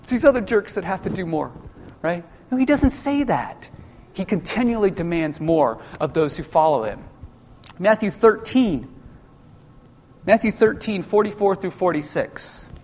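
A man preaching a sermon in a loose, conversational way, full of jokey asides and quick acted-out voices for the people in his stories. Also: high voice, big pitch swings, a little mellow, a little hiss or hum. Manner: casual, jokey asides, acts out quoted voices. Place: church sanctuary. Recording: long church-hall reverb.

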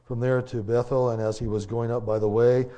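A man preaching a sermon in a casual, halting way, with lots of fillers and the odd folksy joke. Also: medium pitch, little pitch movement, mellow, highs cut off. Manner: conversational, halting, many fillers and restarts; folksy, joking aside.

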